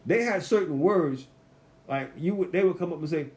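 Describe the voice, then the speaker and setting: A man's voice: fairly high pitch, a little mellow. Conversational man teaching Bible study. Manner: conversational, acts out quotes in voices; reads scripture slowly and deliberately.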